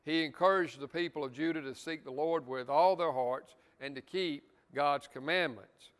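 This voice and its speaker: A man's voice: on the high side, moderate pace, fairly bright tone, clear, resonant tone, in a large hall. A man teaching a Bible study lesson in a church, earnest, stressing key words and adding asides to the class.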